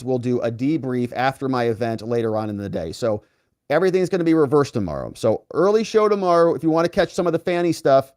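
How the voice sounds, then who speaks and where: A man hosting a live legal commentary stream, animated and moving around as he talks, wrapping up with big rallying calls to his viewers. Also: medium pitch, no echo, studio quality. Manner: animated, moves around a lot while talking; big rising sign-off calls to the audience. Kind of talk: casual live-stream sign-off with viewer chat. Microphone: earpiece with separate mic, dry sound.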